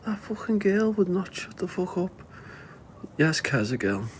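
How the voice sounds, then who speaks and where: A man's voice: sits high, sing-song, measured pace, slight background noise. A man with a Liverpool accent chatting casually to viewers on a livestream, rambling, laughing often and swearing freely.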